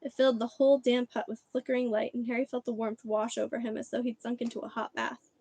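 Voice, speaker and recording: A woman reading a children's book aloud on a livestream, expressive and chatty between chapters. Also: on the high side, fast talker, no echo. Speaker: reader.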